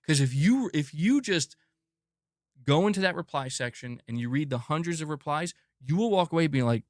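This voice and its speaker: A man hosting a gaming news livestream, ranting emphatically with lots of swearing, swinging from loud bursts to muttered asides. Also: a little high, lively intonation, moderate pace, no room sound, clean studio sound. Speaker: gaming news channel host. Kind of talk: livestream commentary rant.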